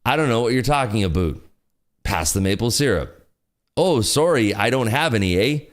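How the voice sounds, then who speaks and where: A man's voice: on the low side, slow, clean tone, voice pushed up. A man voicing a folksy, clueless mock-Canadian man, playful, in an exaggerated put-on Canadian voice. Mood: joking. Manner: jokey, playful.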